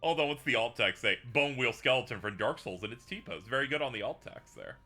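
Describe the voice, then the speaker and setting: Bright, lively-voiced male streamer. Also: medium pitch, fairly quick, soft background music. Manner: reads quotes aloud with bursts of laughter and swearing. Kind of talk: casual live-stream chat reading posts aloud.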